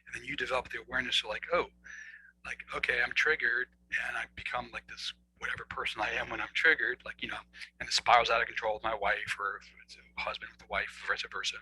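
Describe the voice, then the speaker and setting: A man speaking as a guest relationship coach, explaining earnestly and acting out inner dialogue, swinging between loud and soft. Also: medium pitch, flat delivery, fast talker, husky, rough recording. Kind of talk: conversational explaining.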